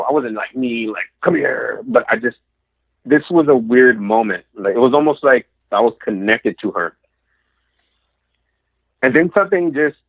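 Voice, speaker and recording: A man's voice: mid-range voice, no room sound. A man telling a story as a podcast guest, acting out every quoted line. He comes through a narrow, phone-like line. The sound is dry and close. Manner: animated, acts out quoted lines.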